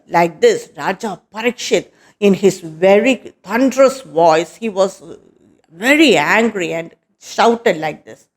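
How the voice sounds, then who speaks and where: A woman's voice: mid-range voice, lively intonation, takes it slowly. A woman telling a scripture story as a lesson, recounting it with fillers and chanting verses in between. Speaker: scripture teacher.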